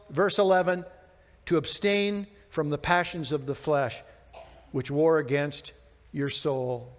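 A man's voice: on the high side, steady tone, takes it slowly, big-room sound. A man preaching a sermon, talking conversationally with rhetorical questions and self-deprecating asides. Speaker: pastor.

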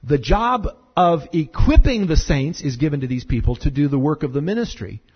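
A man preaching a conversational sermon as pastor, chatty and animated, with many fillers and repeated words. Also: on the high side, moderate pace, breathy edge, dull audio.

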